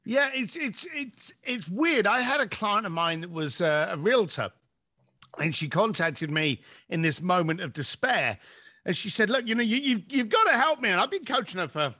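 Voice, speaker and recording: A man's voice: sits high, big pitch swings, normal speed, bright, forceful tone. A man, a business coach telling stories in a podcast conversation and acting out his clients' lines.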